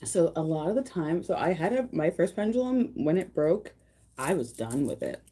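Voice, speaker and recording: Young woman, lowish voice, chatty and gushing, casual livestream talk. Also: very animated, normal speed, dark tone, a little hiss or hum. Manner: chatty and gushing, lots of fillers. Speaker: livestream host.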